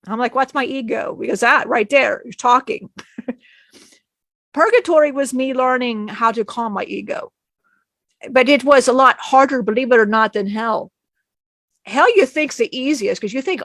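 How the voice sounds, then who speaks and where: A woman's voice: high-pitched, a little fast, fairly bright tone, dry recording. A woman channeling a spirit, telling an emotional personal story in a rambling way, often acting out what others said and laughing.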